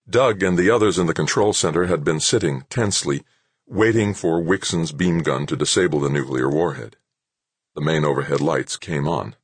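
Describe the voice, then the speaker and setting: A man narrating a novel in a steady, measured way, his voice extremely low with a husky grain. The close mic gives a dry, dead sound with no room around it. It is audiobook narration from start to finish. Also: dry recording. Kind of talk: scripted narration.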